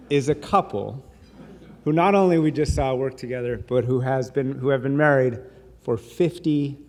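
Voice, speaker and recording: A man's voice: mid-range voice, a little mellow. A man giving a conversational, anecdotal speech at a dinner, slipping humor into his stories. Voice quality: voices others in quoted bits. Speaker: speaker at a dinner. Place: large hall. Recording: long hall reverb.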